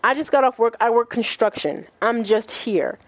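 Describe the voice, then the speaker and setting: A young adult woman hosting a gaming livestream, telling a story in casual chat, profane and animated, acting out what others said. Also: on the high side, moderate pace, no room sound. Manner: animated, profane, acts out quoted voices.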